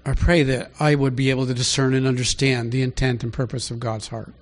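A man preaching a conversational Bible teaching, asking rhetorical questions and rising in pitch to stress his points. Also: level tone, a little fast. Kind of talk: sermon teaching.

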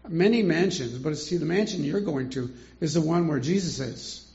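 Older man teaching with a gravelly voice. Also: fairly high pitch, animated, moderate pace, a little mellow, highs cut off. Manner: chatty, rhetorical questions, chuckles often. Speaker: Bible teacher. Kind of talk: informal Bible study teaching.

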